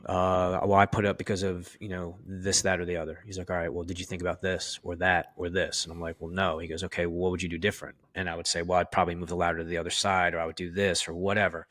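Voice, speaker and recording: A man with a low voice works through fire-service stories in an interview. He speaks candidly, swears freely and acts out what his old officers said. The sound is dry and close. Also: flat delivery, fast, hardly any pauses, fairly bright tone, no room sound. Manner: candid and profane, heavy use of "you know". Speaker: firefighter officer guest. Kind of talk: casual interview storytelling.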